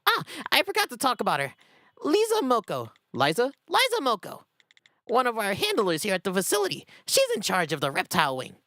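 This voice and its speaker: A woman's voice: on the high side, wildly swooping pitch, brisk, a bit bright, no echo, voice pushed up. A woman voicing a pompous research facility vice president who welcomes visitors in a grand, showy way. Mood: eager.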